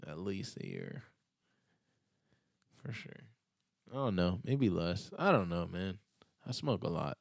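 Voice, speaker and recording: A man's voice: low voice, sing-song, slow, creaky, long pauses, dry recording, clean studio sound. A young man chatting casually on a podcast, laid-back and slangy, rambling with lots of fillers. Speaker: podcast guest.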